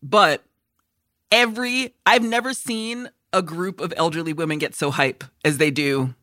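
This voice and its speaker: Woman podcast cohost, cussing and laughing through stories, bright voice, dry close sound. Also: lowish voice, moderate pace, no room sound. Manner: profane, laughing storyteller. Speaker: podcast co-host. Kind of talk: casual chat.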